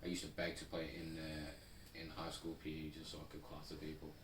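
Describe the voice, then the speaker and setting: A man's voice: a bass voice, completely flat delivery, fast talker. A young man co-hosting a podcast in a laid-back, rambling chat full of fillers. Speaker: podcast co-host. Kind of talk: casual chat. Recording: roomy, distant mic, faint noise.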